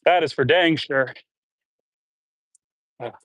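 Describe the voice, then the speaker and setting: On his farm outdoors, a Canadian man shovels manure while slowly chatting live with viewers and reading their comments. His voice is on the high side with a fairly bright tone, recorded on a phone with no echo. As a homestead livestreamer at work, he grunts, sighs between loads and is slightly out of breath.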